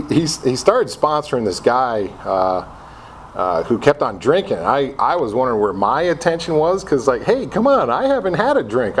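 A middle-aged man from Connecticut tells his story to a group, mocking himself as he replays his past reactions. His pitch swings widely, and a faint hum sits in the background. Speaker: speaker sharing his recovery story. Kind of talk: personal recovery talk to a group.

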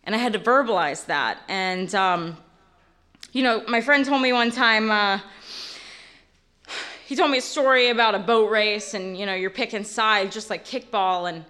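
A woman's voice: medium pitch, normal speed, pushed and bright. A woman in her late twenties giving a candid, rambling personal testimony at a recovery meeting, full of fillers. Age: late 20s.

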